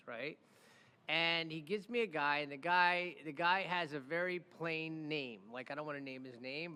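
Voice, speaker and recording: A criminal defense attorney who hosts a podcast tells stories in a casual chat, his high voice lively and drenched in long echo. He is animated, keeps asking "right?", and acts out the people in his stories.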